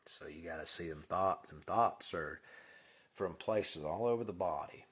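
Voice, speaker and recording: Male host, husky low voice, earnest spiritual monologue, drops to whispers for emphasis. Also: measured pace, a bit bright.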